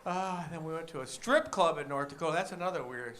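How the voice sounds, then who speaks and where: A stand-up comedian man from the Detroit area delivering deadpan one-liners with wry asides. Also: fairly high pitch, a little fast, heavy background noise. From Michigan, Detroit area.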